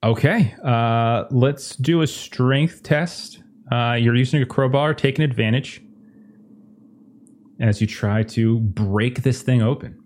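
A man narrating as game master of a tabletop horror game, describing scenes and calling for rolls in a relaxed way. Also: medium pitch, slow pace.

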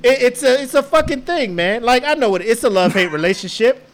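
A man co-hosting a podcast in casual chat, telling profane, animated stories and acting out the dialogue. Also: very high-pitched, fast talker, soft background music. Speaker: podcast co-host.

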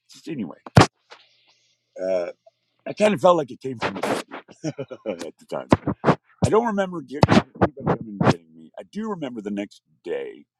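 A man's voice: on the low side, no echo. A man telling a personal story, acting out the voices of the people in it. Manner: animated, acts out quoted voices.

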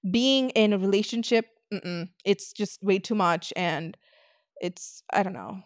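A woman's voice: mid-range voice, unhurried, no echo. Young woman, podcast host, blunt casual rant, heavy swearing, dry close sound. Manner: blunt, swears a lot, animated.

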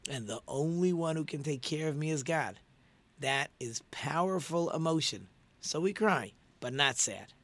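A man's voice: a little high, animated, measured pace, fairly bright tone, dry recording. Earnest middle-aged man teaching faith. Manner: earnest, repeats words and phrases for emphasis. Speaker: prayer leader and religious teacher. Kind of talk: informal religious teaching talk.

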